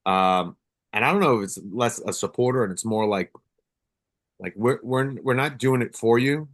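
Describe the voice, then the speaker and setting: A man's voice: medium pitch, normal speed. A man, a police officer hosting a podcast, telling stories candidly in casual conversation and swearing now and then.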